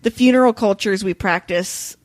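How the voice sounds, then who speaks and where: A woman's voice: mid-range voice, normal speed, no room sound. A woman co-hosting a book podcast, chatting casually and walking through a researched topic with lots of "so" and "like". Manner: animated, explains a researched topic with frequent "so" and "like". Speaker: podcast co-host. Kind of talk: casual book-club chat.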